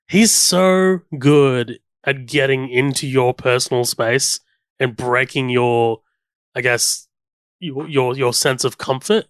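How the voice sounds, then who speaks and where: A man's voice: mid-range voice, takes it slowly, fairly bright tone, smooth, no echo, studio quality. A man co-hosting a podcast, chatting casually about a film and eagerly walking through his favorite scenes. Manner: enthusiastic, recounts scenes and hums the score. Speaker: podcast co-host. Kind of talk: casual film commentary chat.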